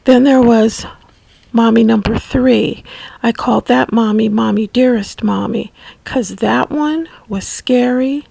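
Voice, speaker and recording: A woman recounts her memories slowly and haltingly, often dropping to a near whisper. Her voice is gravelly and a little husky, and sits somewhat high. The recording is close and dry. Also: dry recording, rough recording. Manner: slow, halting, soft-spoken. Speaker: memoir narrator. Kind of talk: personal storytelling.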